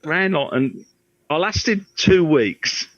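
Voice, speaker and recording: Middle-aged guest, guitar tech, rambling anecdotes, slips into quoted voices; dry, muffled audio. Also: male voice, fairly high pitch, expressive, slow, a bit bright, dry recording. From Birmingham, England. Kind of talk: casual storytelling interview. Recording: dry, slightly dull audio.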